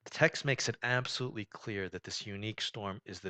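A man preaching a sermon in a conversational way, often saying "you know", swinging between loud, emphatic stretches and quiet, low ones. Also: normal speed, few pauses. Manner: conversational preaching, rising and falling in volume, frequent "you know". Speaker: pastor.

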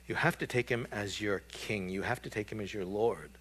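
A man's voice: lowish voice, moderate pace, fairly bright tone. A man preaching a sermon in a conversational way, with frequent fillers and rhetorical questions. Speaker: pastor.

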